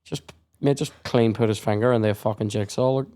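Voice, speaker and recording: A man's voice: on the low side, steady tone, brisk. A young man, hosting a podcast and telling sweary school stories in casual chat. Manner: sweary storytelling, acts out shouted quotes. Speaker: podcast host.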